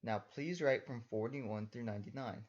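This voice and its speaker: Young male teacher, patient and methodical voice-over, medium pitch, slightly muffled lo-fi mic. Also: normal speed. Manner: patient, step-by-step instructing. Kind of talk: recorded lesson voice-over.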